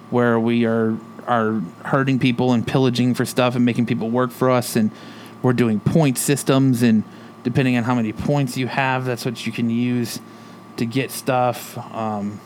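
A man's voice: medium pitch, a little mellow, slight background noise. A man casually retelling a TV episode, swearing freely and quoting characters' lines. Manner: loose, profane retelling with quoted lines. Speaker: podcast co-host recapping a TV episode. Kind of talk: casual chat.

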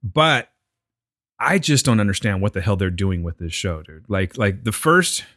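A man's voice: fairly low pitch, sing-song, moderate pace, a bit bright, dry recording, clean studio sound. A man co-hosting a podcast in casual, joking chat. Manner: laid-back, joking, rambling. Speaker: podcast co-host.

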